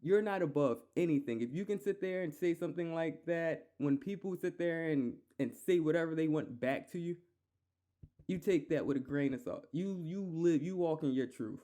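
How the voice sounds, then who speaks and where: A man's voice: fairly high pitch, normal speed, mellow. A man hosting a solo podcast, ranting heatedly and profanely, repeating himself. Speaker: podcast host.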